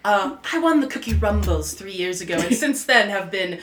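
A woman's voice: medium pitch, lively intonation, moderate pace, roomy sound. A woman player introducing her game character, bubbly and laughing often.

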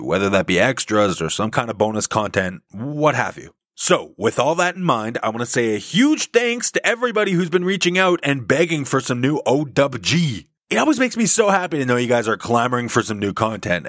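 A male podcast host reading a scripted update in his best radio voice. His pitch bounces all over the place, he stretches his emphasis words out, and the sound is dry and close. The delivery is eager and performed, never flat. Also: no echo. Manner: put-on radio announcer voice; lively, drawn-out emphasis on key words.

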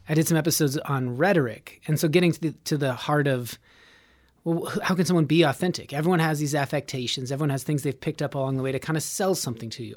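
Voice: mid-range voice, quick pace. A podcast host talking casually and at length, dropping into brief put-on voices to make points. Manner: rambling, acts out short voice snippets. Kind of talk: casual chat.

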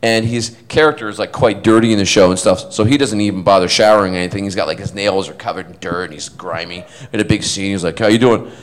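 A man's voice: deep voice, fast talker, hardly any pauses. A middle-aged man on stage at a fan panel, telling funny stories and acting out the quotes as he goes. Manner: animated storyteller who acts out quotes. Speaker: convention panel guest. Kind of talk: casual anecdote telling on stage.

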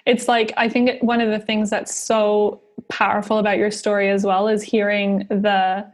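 A woman's voice: mid-range voice, flat delivery, moderate pace. A woman hosting a podcast, reacting to her guest with effusive praise and encouragement and many casual fillers. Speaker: podcast host. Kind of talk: casual interview chat.

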